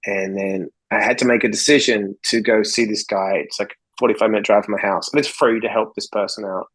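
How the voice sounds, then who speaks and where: The low-quality recording captures an Australian podcast guest with a lowish, fairly bright voice that has a breathy edge and a steady tone. Talking a little fast, he tells stories bluntly in a casual interview, swearing freely and acting out conversations.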